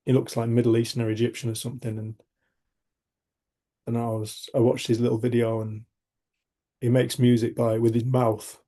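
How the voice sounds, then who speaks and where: Gravelly, husky man telling stories. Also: mid-range voice, level tone, normal speed, long pauses, dark tone. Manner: rambling, frank, swears casually, frequent restarts. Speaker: community group host. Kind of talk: reflective personal storytelling.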